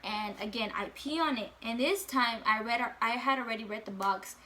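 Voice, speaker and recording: A woman's voice: on the high side, moderate pace, sharp tone, a little hiss or hum. A young woman vlogger telling a casual storytime, full of fillers and swearing.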